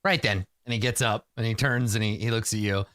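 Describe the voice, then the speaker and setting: A man's voice: lowish voice, steady tone, fast talker, no echo, studio quality. A man narrating a tabletop game as game master, telling the story with fillers and laughs.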